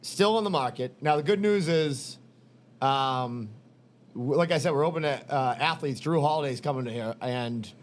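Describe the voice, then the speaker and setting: A man hosting a casual podcast, rambling and joking with quick asides. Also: mid-range voice. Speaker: podcast host. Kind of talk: casual chat.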